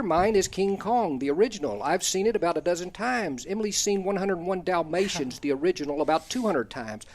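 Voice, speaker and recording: A man's voice: sits high, lively intonation, brisk, hardly any pauses. An older man hosting a talk show, reading out a folksy, humorous story about kids and chuckling at his own jokes. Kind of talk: reading a personal column aloud, then casual chat.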